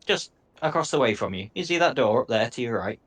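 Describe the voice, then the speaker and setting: A man's voice: medium pitch, lively intonation, fast talker, a bit bright. A man voicing a watchful male lookout who slips into a cowboy drawl.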